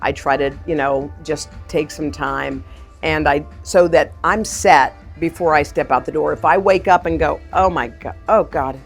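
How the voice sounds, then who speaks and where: A middle-aged woman, a TV morning show host, chatting in an interview with effusive, excitable exclamations. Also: sits low, moderate pace, vocal fry, faint music behind. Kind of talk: casual interview chat. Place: sports event venue.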